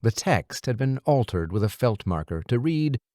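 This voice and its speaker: A man narrating an audiobook in a lively, expressive storytelling manner on a close studio mic. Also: medium pitch, moderate pace, no echo. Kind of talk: scripted narration.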